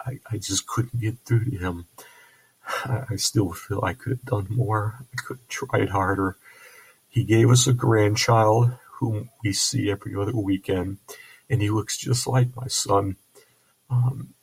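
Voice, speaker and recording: An older man telling a personal story as a bereaved father, halting with frequent restarts and repeated words, earnest and heavy with grief. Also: lowish voice, vocal fry, a little mellow, husky, poor audio. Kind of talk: personal testimony.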